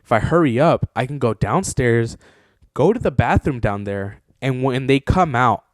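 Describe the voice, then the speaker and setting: A young man on his own podcast spins a meandering, filler-heavy story at a moderate speed. His everyday mid-pitched voice gets worked up as he talks, and the audio is dry and up close, free of echo.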